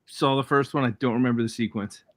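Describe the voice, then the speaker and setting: A man's voice: medium pitch, steady tone, quick pace, no room sound. A man co-hosting a casual livestream chat, easygoing and joking.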